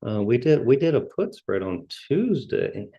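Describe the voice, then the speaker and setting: A man's voice: medium pitch, sing-song, slightly rough, no room sound, muffled recording. A man hosting a trading show, going through stock charts in casual market commentary and often restarting his words as he scans. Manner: halting, repeats words while scanning charts.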